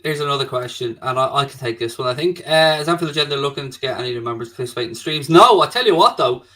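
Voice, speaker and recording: A man's voice: mid-range voice, animated, rapid-fire, pushed and bright. A man hosting a casual live stream, chatty, swearing casually and reading out viewer questions from his own small studio. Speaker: stream host.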